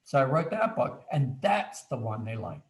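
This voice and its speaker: A man telling an animated story as a guest author, acting out little quoted asides as he goes. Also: mid-range voice, moderate pace, echoey room. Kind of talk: anecdotal storytelling on a video chat.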